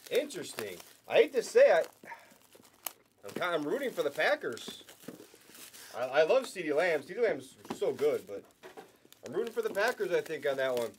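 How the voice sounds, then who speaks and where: Hosting a live sports card break, a young man talks at a moderate pace in a fairly high, very animated voice, leaving long pauses. He keeps it casual, trading jokes with viewers and discussing sports, with slight background noise audible.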